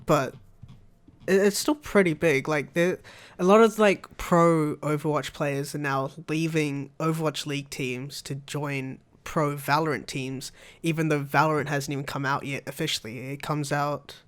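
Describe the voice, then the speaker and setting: A man's voice: a little high, fairly even intonation, normal speed, clean tone. A young man co-hosting a podcast, chatting casually and rambling about video games, laughing often. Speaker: podcast co-host. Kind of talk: casual gaming chat.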